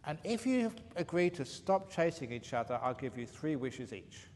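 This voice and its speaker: A man's voice: fairly high pitch, big pitch swings, moderate pace, darkish tone. A man voicing an irritable magic duck in a told joke. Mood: irritated. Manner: fussy and exasperated. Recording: faint hall reverb, light room noise.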